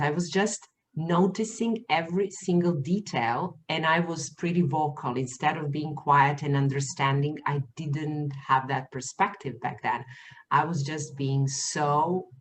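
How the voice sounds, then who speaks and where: A woman with a low voice hosts a conversational interview, her first language Serbian. She talks in a thoughtful, expressive way and slows down on key words. Faint background noise sits under her voice. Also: low-quality recording. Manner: thoughtful, expressive, with slow emphatic phrasing. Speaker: podcast host interviewer.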